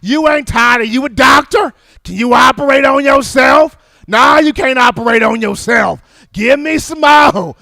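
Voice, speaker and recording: A man acting out a fiery male strength coach who shouts and taunts worn-out players. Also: very high voice, unhurried, creaky, dry recording, voice pushed up, heavily acted. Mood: shouting.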